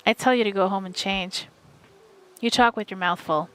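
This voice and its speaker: A woman streamer reading a novel aloud live from home, in steady, wry first-person narration. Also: medium pitch, normal speed, clear, resonant tone.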